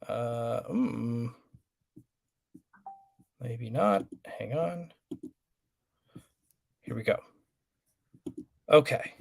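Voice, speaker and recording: A man's voice: medium pitch, drawn-out words, creaky, long pauses, dry recording. A man co-hosting a casual live stream, rambling and apologetic as he fumbles with the tech. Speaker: podcast co-host.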